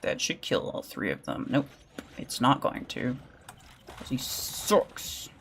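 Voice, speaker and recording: A man's voice: mid-range voice, sing-song, moderate pace, gravelly, a bit bright, slight background noise. A man streaming a video game live, chatting casually with viewers and muttering as he plays. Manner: chatty, reads and answers chat, mutters during play. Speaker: gaming livestreamer. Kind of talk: casual live-stream chat while playing.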